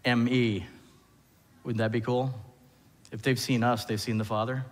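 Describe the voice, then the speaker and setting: Animated male pastor preaching in a reverberant church. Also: mid-range voice, unhurried. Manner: animated, asks the congregation questions. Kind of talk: sermon. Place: church sanctuary.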